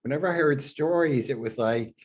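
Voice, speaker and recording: A man's voice: mid-range voice, a little fast. Guy in a lunch study group, rambles a bit, gets passionate about his opinions. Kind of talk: casual group discussion.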